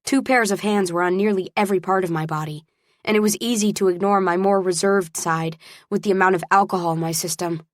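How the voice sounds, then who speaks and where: A woman narrating a first-person audiobook in a steady, expressive storytelling voice. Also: mid-range voice, a little fast, no echo, studio quality.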